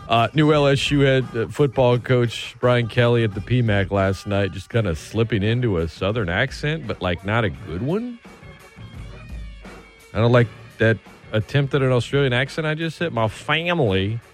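A man's voice: medium pitch, normal speed, soft background music. A man hosting a sports radio show, talking casually and chattily with frequent restarts and asides.

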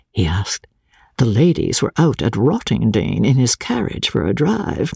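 An audiobook reader narrating a classic novel in a theatrical, varied way with soft chuckles, close to the mic. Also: medium pitch, big pitch swings, measured pace, vocal fry, husky, dry recording.

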